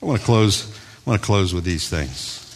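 Male pastor preaching, gets loud then drops to quiet asides, long hall echo. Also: sits low, normal speed. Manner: animated preaching, swinging from loud emphatic bursts to quiet asides. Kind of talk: sermon.

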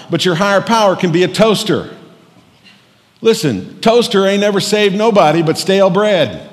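Folksy joking preacher in echoing church. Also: male voice, high-pitched, animated, moderate pace. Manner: folksy storytelling with jokes. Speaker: pastor. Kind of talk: humorous sermon. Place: church sanctuary. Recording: long reverb of a church hall.

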